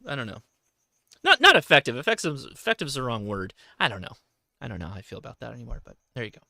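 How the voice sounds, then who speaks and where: A man hosting a casual livestream, talking in a halting way and often correcting himself. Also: medium pitch, lively intonation, creaky, bright, forceful tone, dry recording, studio quality. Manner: halting, self-correcting, reads viewer questions aloud. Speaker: host.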